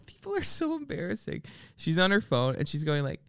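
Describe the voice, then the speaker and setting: A man's voice: high-pitched, fairly quick, gravelly, dry recording. A man hosting a podcast, telling ranting comic stories in casual chat, swearing freely and mimicking the people in them. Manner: animated storyteller, mimics people in his anecdotes. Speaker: podcast host.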